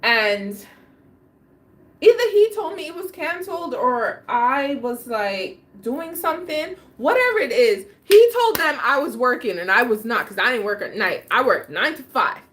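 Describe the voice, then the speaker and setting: A woman hosts a casual livestream and tells a personal story full of slang and frequent laughter. Her voice sits high and swoops all over the place. She takes her time with every line. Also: very animated, a little slow, fairly bright tone. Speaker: livestream host.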